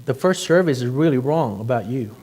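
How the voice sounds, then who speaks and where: A male pastor preaching a conversational sermon that grows loud and animated, full of rhetorical questions. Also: medium pitch, a little fast.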